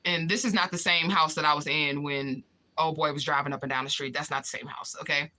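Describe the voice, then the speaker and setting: A woman live-streaming her personal stories with a very bright, forward voice. She talks casually and profanely, answers her viewers and gets animated as she tells the stories. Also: deep voice, brisk. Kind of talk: casual storytelling vlog.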